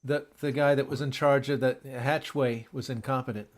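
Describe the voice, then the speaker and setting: A man co-hosting a casual group chat, telling rambling, halting stories. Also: mid-range voice, fairly even intonation. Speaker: podcast co-host.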